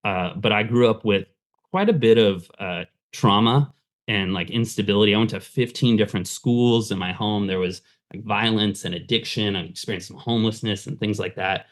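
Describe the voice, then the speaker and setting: Pastor guest, male, low voice, candid conversational storytelling. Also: normal speed. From Southern California. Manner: candid, conversational, many fillers. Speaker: pastor and fundraising consultant, guest. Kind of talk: casual interview storytelling.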